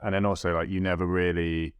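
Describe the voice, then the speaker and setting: A man's voice: low voice, level tone, fairly quick, clean tone, no echo. A man hosting a casual podcast interview in an easygoing, chatty way. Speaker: podcast host.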